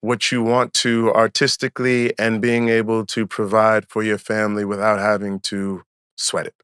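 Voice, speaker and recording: Man, forties, podcast co-host, lively storyteller, dry close sound. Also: lowish voice, normal speed, clear, resonant tone, dry recording. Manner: animated storyteller, acts out quotes. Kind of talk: casual chat.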